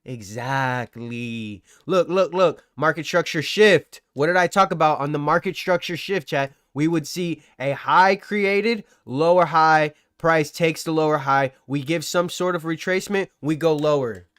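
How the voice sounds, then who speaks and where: A man's voice: a little high, moderate pace, few pauses, a bit bright, dry recording, studio quality. A man hosting a live trading stream, commentating charts and bantering with his chat in a teasing, boastful, slangy way. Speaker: livestream trading host.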